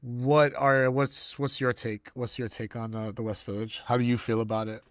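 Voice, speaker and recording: A man co-hosting a podcast, talking in a relaxed, rambling, jokey way. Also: mid-range voice, moderate pace, dry recording, studio quality. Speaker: podcast co-host. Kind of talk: casual chat.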